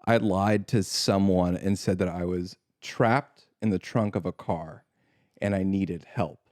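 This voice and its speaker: A man's voice: low-pitched, fairly even intonation, a little slow, darkish tone, no room sound, studio quality. A man, a podcast co-host, chatting casually in a laid-back way and laughing easily. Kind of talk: casual chat.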